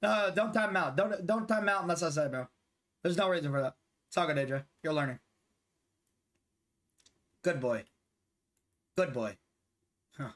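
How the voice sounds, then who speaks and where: A man's voice: fairly high pitch, fast talker, a bit bright. A man in his twenties chatting casually and profanely while streaming a basketball video game with teammates. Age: 20s. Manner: loose, profane, rambling banter. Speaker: gaming streamer. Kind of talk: casual live-stream chat during gameplay.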